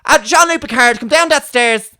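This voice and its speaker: A man's voice: very high voice, sharp tone, clean tone, pitched above the performer's own voice. A man voicing a nagging Irish housekeeper woman with a Dublin accent, firing off scolding orders. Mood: bossy scolding. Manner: scolding, rapid-fire orders.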